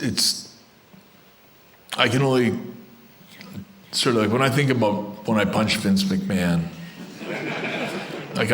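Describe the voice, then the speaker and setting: An older man telling blunt, rambling stories to a live crowd of fans, with restarts and asides. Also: lowish voice. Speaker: guest wrestler telling stories. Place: event room with a live crowd.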